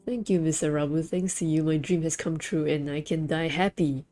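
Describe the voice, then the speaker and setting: An earnest, slightly nervous young girl heroine speaks in a low, mellow voice, as a woman reads her lines. The delivery is slow, and faint game music plays behind. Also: fairly even intonation, close to an everyday voice.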